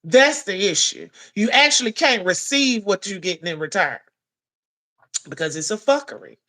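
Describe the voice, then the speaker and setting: Blunt, bright-voiced woman ranting. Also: medium pitch, expressive, normal speed. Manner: blunt, profane, scolding. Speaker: commentary vlogger. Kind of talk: heated commentary rant.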